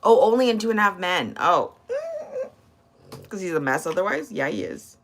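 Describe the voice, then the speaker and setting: A woman's voice: fairly low pitch, big pitch swings, normal speed, a bit bright, a little hiss or hum. A woman hosting a casual livestream, sassy and blunt, teasing her chat and swearing freely. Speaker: livestream host.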